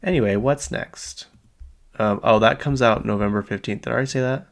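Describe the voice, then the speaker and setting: A man's voice: medium pitch, brisk, gravelly. A man in his late twenties chatting casually on his own, rambling through asides and fillers as a podcast host. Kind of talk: casual solo pop-culture chat.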